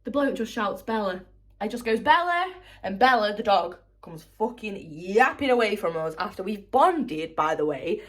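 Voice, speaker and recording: Young woman, casual vlogger, chatty storyteller, swears freely, mid-pitched voice. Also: lively intonation, moderate pace, hardly any pauses.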